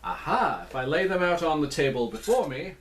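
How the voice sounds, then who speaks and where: A man's voice: a little high, very animated, fairly quick, a little hiss or hum. A man reviewing cereal in a casual vlog from a small indoor room, with playful, jokey asides.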